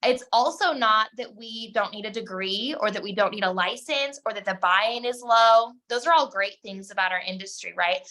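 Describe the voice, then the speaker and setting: Bright, emphatic woman coaching a team. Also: medium pitch. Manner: direct, emphatic, talks straight to her listeners. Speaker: network marketing team coach. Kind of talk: motivational team call talk.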